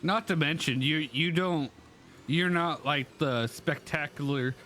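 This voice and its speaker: A man's voice: on the high side, expressive, measured pace, fairly bright tone, slight background noise. A tired, sick man co-hosting a laid-back gaming chat, laughing often. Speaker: gaming video co-host.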